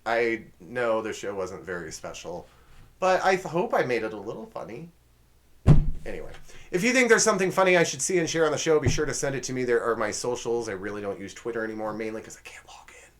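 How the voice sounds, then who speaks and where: A man hosting a homemade comedy show, rambling through his sign-off with goofy, self-deprecating asides. His pitch jumps around a lot, and now and then he drops to a whisper for a side comment. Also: fairly bright tone. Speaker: host.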